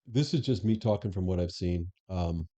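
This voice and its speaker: A former police superintendent, appearing as a guest, talks about his days as police chief in a conversational interview. His low voice moves at a moderate pace with a dark tone, and his candid, anecdotal telling is full of restarts. The podcast audio is dull and lo-fi.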